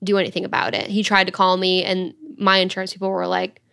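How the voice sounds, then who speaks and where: A woman's voice: medium pitch, monotone, gravelly, bright, forceful tone, clean tone. A young woman telling a story in a casual, chatty way, with lots of "like". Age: young adult. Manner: chatty, fast, full of "like". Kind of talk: casual chat.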